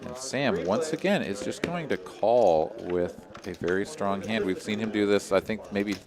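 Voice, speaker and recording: A man with a low, deep voice commentates a live poker cash game in a relaxed, chatty way, cracking jokes between hands. Steady crowd chatter from the card room runs behind him. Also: normal speed.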